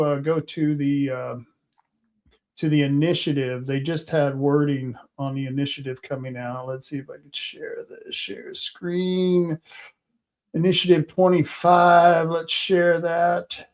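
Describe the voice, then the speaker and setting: A man hosting a casual political panel talk show, rambling and halting with many fillers. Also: a little high, steady tone. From Oregon. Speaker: host.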